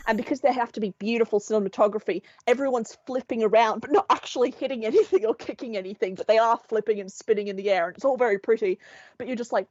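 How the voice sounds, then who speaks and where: A woman co-hosting a podcast, telling a story in an animated, sweary, laughing way. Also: on the high side, fast, no room sound. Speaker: podcast co-host. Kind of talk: casual chat. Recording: dull, dry sound.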